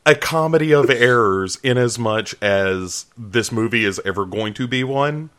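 A man co-hosting a podcast, chatting casually and jokingly about a film, laughing and putting on quick voices for the characters. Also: mid-range voice, clean tone. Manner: animated, laughing, jokey asides and quoted voices. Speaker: podcast co-host. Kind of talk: casual movie review chat.

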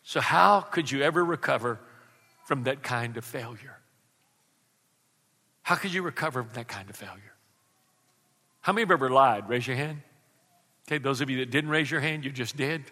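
A male pastor preaching a lively sermon and calling for responses from the congregation. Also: medium pitch, moderate pace, pauses often, in a large hall.

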